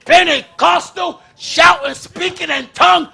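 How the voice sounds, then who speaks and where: High, gravelly shouting preacher man. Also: fairly even intonation, unhurried. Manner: preaching loudly in short punchy phrases. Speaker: pastor. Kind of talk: fiery shouted sermon. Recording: church congregation audible behind.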